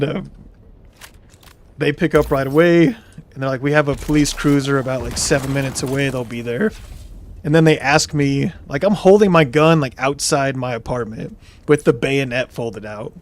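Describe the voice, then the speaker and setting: A young man streaming, telling a story casually and reading chat comments aloud, laughing now and then. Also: a little high.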